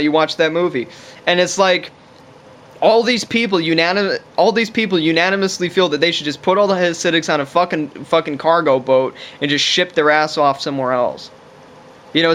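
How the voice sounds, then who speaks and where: A man's voice: a little high, a bit bright. A man talking to camera in a casual ranting monologue, rambling and profane, with lots of fillers. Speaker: vlogger.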